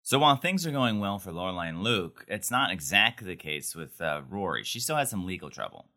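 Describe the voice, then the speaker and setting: Man, podcast co-host, low voice, bright forceful tone, wry casual recap. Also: big pitch swings, a little fast. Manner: wry, joking, conversational.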